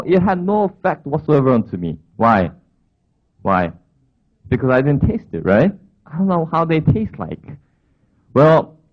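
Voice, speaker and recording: A man preaching in a conversational storytelling way, telling a personal anecdote with frequent asides. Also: medium pitch. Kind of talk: storytelling sermon. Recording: tinny phone-like sound.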